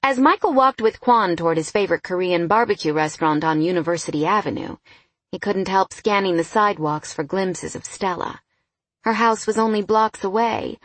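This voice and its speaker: A woman reading a novel aloud in an even, storytelling narration. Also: mid-range voice, moderate pace, dry recording. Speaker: audiobook narrator. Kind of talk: scripted narration.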